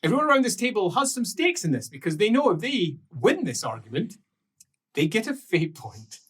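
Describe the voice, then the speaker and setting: A game master narrating and setting scenes in an improvised tabletop role-playing game, at an unhurried pace. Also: mid-range voice, sing-song, slightly rough, far from the mic.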